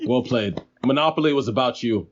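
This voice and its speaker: Joking man, animated podcast banter. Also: medium pitch, a little fast, muffled recording. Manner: animated, joking, acts out quotes. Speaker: podcast co-host. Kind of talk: casual chat.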